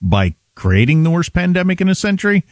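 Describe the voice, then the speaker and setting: A middle-aged man co-hosting talk radio, telling stories with a lot of laughter. His pitch swings widely and sits a bit high for a man. The sound is dry and close. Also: big pitch swings, fairly quick, dry recording. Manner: storytelling, laughs often. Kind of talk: casual talk radio chat.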